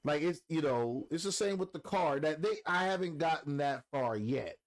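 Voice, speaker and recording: A man co-hosting a casual podcast chat, an animated storyteller who acts out quotes. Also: on the high side, moderate pace. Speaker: podcast co-host.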